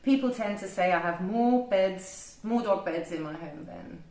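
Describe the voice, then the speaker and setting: A woman's voice: medium pitch, a little slow, darkish tone. Chatty woman in an echoey room. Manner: chatty, laughs easily. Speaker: guest. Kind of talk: casual chat.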